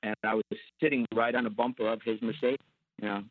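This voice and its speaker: A man from New York telling a story as an interview guest, animated and acting out the voices of other people. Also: medium pitch, fast talker, slight background noise. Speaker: guest, former undercover agent. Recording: tinny phone-like line.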